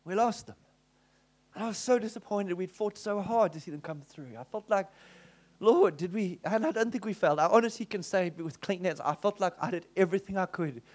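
High-voiced pastor telling a story. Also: male voice, fast talker, few pauses. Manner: animated, acts out the dialogue. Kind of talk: sermon storytelling.

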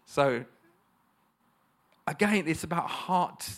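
Brief: male preacher, fairly high voice, emphatic delivery, rhetorical questions to the congregation. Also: animated, takes it slowly, fairly bright tone. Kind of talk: sermon.

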